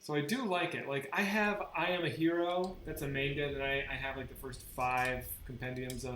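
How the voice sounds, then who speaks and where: A man's voice: mid-range voice, fairly even intonation, brisk, few pauses, fairly bright tone. A man chatting casually while streaming a game, rambling and swearing with many restarts. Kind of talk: casual live-stream chat while gaming. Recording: roomy sound with faint background noise.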